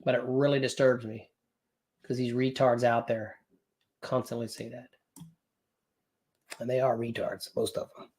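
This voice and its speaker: A man hosting a live trading class, talking casually with blunt, profane, energetic banter. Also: mid-range voice, measured pace, pauses often. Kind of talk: live-streamed casual teaching.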